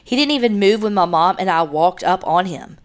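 A woman's voice: fairly low pitch, animated, moderate pace. Woman podcast host reading letters. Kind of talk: reading listener letters aloud.

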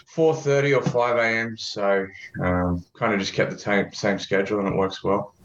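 An Australian man speaks as a guest in a relaxed interview, joking and swearing casually. His voice sits fairly low and sounds echoey and muffled, like a lo-fi call recording. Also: moderate pace, a little hiss or hum. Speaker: guest, ad consultant.

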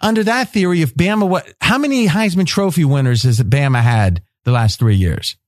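A man hosting a sports betting roundtable, pressing the others with rapid-fire questions and often cutting in. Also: a little high, dry recording, studio quality. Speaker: host.

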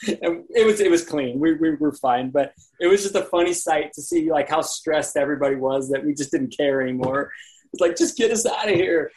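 A man on a podcast telling a story in a relaxed, chatty way. His voice sits a little high. He slips into other people's voices for quotes and laughs easily. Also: a little fast, poor audio. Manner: animated storyteller, acts out quotes, laughs often. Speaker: podcast guest, landscape photographer. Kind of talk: casual storytelling interview.

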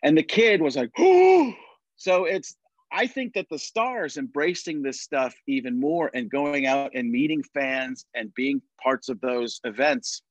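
A man chatting casually on a podcast, telling animated stories and slipping into quick impressions. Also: mid-range voice, no echo, low-quality recording. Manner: animated storyteller, drops into impressions. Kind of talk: casual chat.

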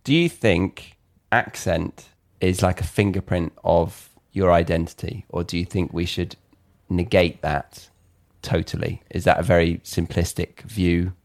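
A man's voice: low voice, steady tone, measured pace. A man with a British English accent, hosting a podcast and asking short, curious questions. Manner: inquisitive, brief prompts. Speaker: podcast host. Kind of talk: casual conversation.

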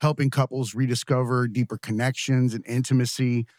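A man's voice: medium pitch, flat delivery, fairly quick, a little mellow, dry recording, clean studio sound. A man hosting a podcast interview, summing up his guest's points in a thoughtful, reflective way. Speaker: podcast host.

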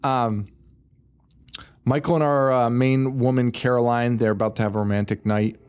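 A young man at an average pitch talks through a film scene by scene in loose podcast chat. He swears freely, trails off into tangents and briefly mimics the characters he describes. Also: little pitch movement, darkish tone, clean tone. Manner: profane, rambling, retells scenes with quick put-on quotes. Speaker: podcast co-host. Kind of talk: casual movie recap chat.

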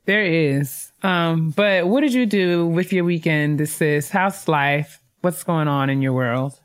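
A woman with a notably low voice co-hosts a casual podcast. She is chatty and laughs often, calling out to listeners. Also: slow pace. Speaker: podcast co-host.

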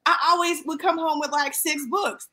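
A woman in her thirties co-hosting a podcast, chatting casually and animatedly with quick asides and playful mock voices. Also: high voice, steady tone, pushed and bright. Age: 30s. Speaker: podcast co-host. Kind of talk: casual chat.

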